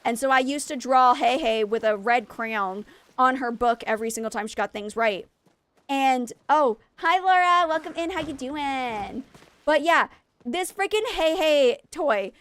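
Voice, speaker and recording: A woman's voice: high-pitched, measured pace, dry recording. Chatty, rambling woman streamer. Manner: chatty, rambling and animated, with many fillers. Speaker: mother and former teacher. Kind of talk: casual chat while livestreaming a game.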